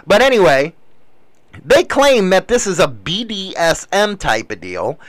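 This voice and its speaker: A man's voice: high voice, sing-song, a little slow, a bit bright, no echo, rough recording. An older man hosting a show, delivering a blunt, crude, ranting monologue in casual talk.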